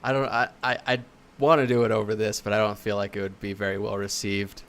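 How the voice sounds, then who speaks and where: Low-voiced, easygoing male co-host. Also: little pitch movement, fast talker, fairly bright tone, clear, resonant tone. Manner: easygoing, stammers and restarts, laughs a lot. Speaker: podcast co-host. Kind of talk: casual chat.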